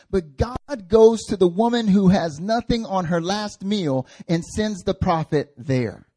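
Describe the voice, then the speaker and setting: A man's voice: high-pitched, moderate pace, few pauses. Man preaching with rising passion. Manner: conversational preaching, voicing biblical figures, builds to loud passionate peaks. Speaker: pastor. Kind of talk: sermon.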